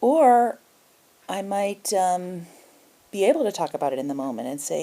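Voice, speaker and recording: A woman's voice: fairly low pitch, sing-song, normal speed, dark tone. A middle-aged woman explaining emotional boundaries in a spoken self-help lesson, acting out short bits of example dialogue. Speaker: emotional health teacher.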